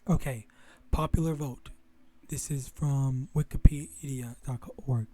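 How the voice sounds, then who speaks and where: A young religious vlogger with a warm, somewhat high voice talks casually to camera. His monologue rambles, with many restarts and some swearing aimed at his viewers.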